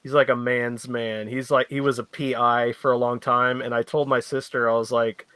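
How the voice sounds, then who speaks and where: A man hosting a loose comedy podcast, rambling through his stories with plenty of fillers. His voice is bright and forceful, recorded close and dry with no room sound. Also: medium pitch, flat delivery, normal speed, smooth, no room sound. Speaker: podcast host. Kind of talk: casual chat.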